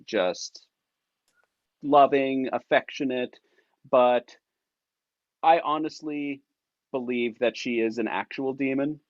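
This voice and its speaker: A man's voice: mid-range voice, dry recording, lo-fi sound. A man improvising a comedy scene, incredulous and teasing, blunt and profane. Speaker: improv performer.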